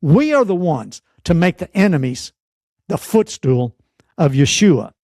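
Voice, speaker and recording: Emphatic, exhorting preacher man, fairly high voice. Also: big pitch swings, a little mellow, no room sound, studio quality. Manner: exhorting, emphatic, rhetorical questions; uses dramatic pauses. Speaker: preacher and teacher. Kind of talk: sermon-style teaching.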